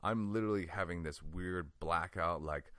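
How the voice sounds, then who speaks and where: A man with a very low voice tells a personal story in loose, casual talk, laughing often and filling his sentences with "like". The sound is dry and close, with no room around it. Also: moderate pace, no room sound. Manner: animated, laughs often, many "like"s. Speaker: guest.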